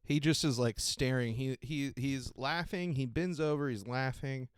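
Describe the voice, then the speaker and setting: A man's voice: medium pitch, measured pace, smooth, no echo, clean studio sound. Laughing, loose-talking podcast guy. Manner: giggly, profane, rambling with frequent laughter. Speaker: podcast host. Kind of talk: casual solo podcast chat.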